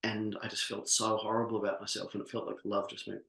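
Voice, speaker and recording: A man's voice: fairly low pitch, steady tone, a little fast, gravelly. A middle-aged man giving a live workshop talk as a business coach, earnest and heartfelt, often restarting his sentences. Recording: echoey room.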